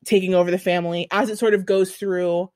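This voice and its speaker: Woman, podcast co-host, casual chat, animated, dry sound. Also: brisk, no echo. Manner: animated, swearing storyteller with big pitch swings.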